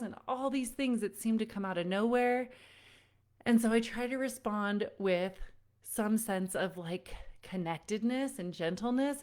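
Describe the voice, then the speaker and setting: A woman's voice: a little high, measured pace, darkish tone. A woman parenting coach giving a live online workshop. She speaks straight to her listeners and calls them friends, telling stories conversationally with frequent "like"s.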